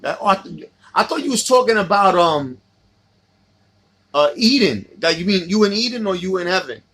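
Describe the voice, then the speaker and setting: Middle-aged New York man, husky, slightly high, casual livestream host swapping stories. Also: sing-song, moderate pace, fairly bright tone. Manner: reminiscing, reading out viewer comments.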